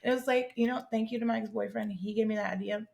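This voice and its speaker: A woman's voice: on the high side, fairly even intonation, fast, vocal fry, darkish tone. A young woman hosting her own podcast, chatting casually and bluntly through listener questions, swearing freely and using a lot of slang. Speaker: podcast host. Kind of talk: casual solo chat answering listener questions.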